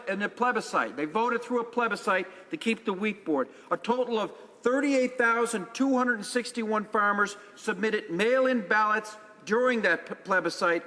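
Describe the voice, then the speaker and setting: A man from Newfoundland and Labrador speaks in a high, bright, ringing voice. He makes an emphatic parliamentary speech and drives his points home with rhetorical questions and repeated phrases. The recording carries the long reverb of a large legislative chamber. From Newfoundland and Labrador, Canada. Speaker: member of parliament.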